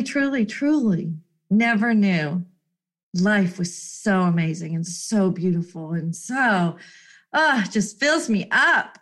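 A woman's voice: mid-range voice, a bit bright. A woman hosting a solo motivational podcast, talking in an effusive, emotional way with frequent laughter and repeated exclamations. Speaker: podcast host.

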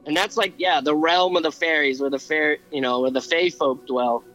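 A man's voice: a little high, fairly even intonation, moderate pace, a bit bright, lo-fi sound, soft background music. A man co-hosting a podcast, retelling an old legend in casual chat, with many fillers and restarts. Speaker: podcast co-host. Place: airborne helicopter.

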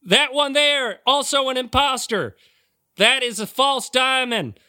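A man's voice: measured pace, sharp tone, clean tone, no room sound, clean studio sound, heavily acted. A man playing a pompous fake deacon who preaches grandly to a church crowd. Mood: grandiose. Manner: booming, grandiose, theatrical. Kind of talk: improvised tabletop role-play.

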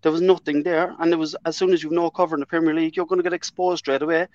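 Irish man chatting about football, animated. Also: on the high side, racing, no echo, lo-fi sound. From Ireland. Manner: animated, restarts often, many "like" fillers. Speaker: fan guest. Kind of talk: casual chat.

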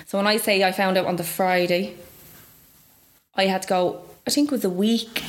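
A young Irish woman telling a personal story in casual chat, acting out what others said with big jumps in her voice. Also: normal speed. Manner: animated, acts out quoted speech with big pitch jumps. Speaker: guest.

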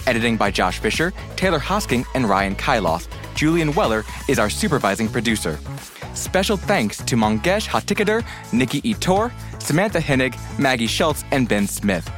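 A man hosting a news podcast, playful and wry, with a comic recap. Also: medium pitch. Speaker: podcast host.

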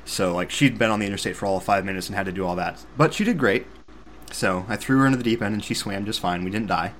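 A young man from Missouri hosting a podcast, telling a story in a casual, animated, self-deprecating way with sarcastic asides. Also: lowish voice, quick pace, a little hiss or hum. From Missouri, USA. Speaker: podcast host.

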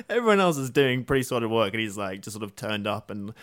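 A man with a lowish voice co-hosts a casual film podcast. His delivery is dry and jokey, and he laughs often. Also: big pitch swings, brisk, no echo. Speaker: podcast co-host.

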